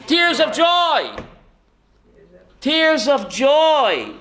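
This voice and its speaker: A man's voice: high voice, sharp tone, poor audio. A man, a rabbi, teaching a Torah class to students, calling on them by name and quoting Hebrew sources.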